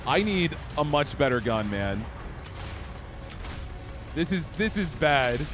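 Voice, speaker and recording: A man's voice: fairly high pitch, sing-song, slow pace, music in the background. A young man streaming a game, chatting casually and easygoing with his viewers. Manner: easygoing, chatty, talks to chat. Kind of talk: casual gameplay chat.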